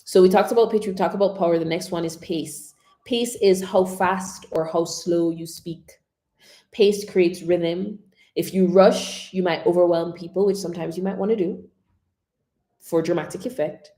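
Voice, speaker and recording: A woman coaching public speaking on a live stream, expressive, modelling whispers and dramatic pauses. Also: lowish voice, roomy sound.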